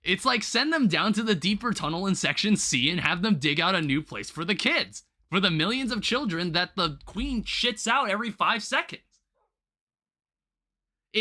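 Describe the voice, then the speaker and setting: A young man hosting a game livestream, chatting casually to his viewers in a rambling, animated way, full of restarts and quick laughs. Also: sits high. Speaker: livestream host.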